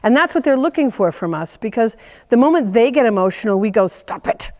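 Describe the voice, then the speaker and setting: A woman teaching a class of horse owners, animated, laughing often and acting out quoted voices. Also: a little high, quick pace, in a large hall. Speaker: horse trainer giving a lecture. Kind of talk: lively teaching talk.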